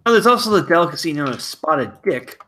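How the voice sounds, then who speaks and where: An American man teases his co-hosts in casual livestream chat. His voice is bright and animated. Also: fairly high pitch, a little fast, slight background noise. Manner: teasing. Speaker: livestream panelist.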